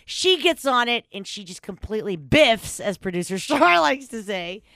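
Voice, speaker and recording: A woman hosting a podcast, telling stories in casual chat with a lot of swearing, big swings in pitch and frequent laughter. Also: very animated, moderate pace, vocal fry, fairly bright tone, no room sound, clean studio sound. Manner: storytelling, reads news aloud with commentary. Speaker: podcast host.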